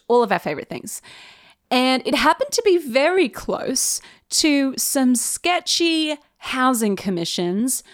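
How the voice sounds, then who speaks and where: Chatty woman, high voice. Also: no echo, clean studio sound. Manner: chatty, animated, laughs often while telling stories. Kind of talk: casual storytelling monologue.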